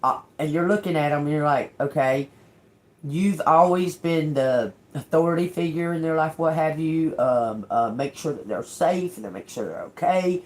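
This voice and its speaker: Woman, tarot reader, casual reading to viewers, blunt, emphatic, curses, lowish voice. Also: moderate pace, darkish tone. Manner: blunt and emphatic, curses, keeps checking in with "okay?".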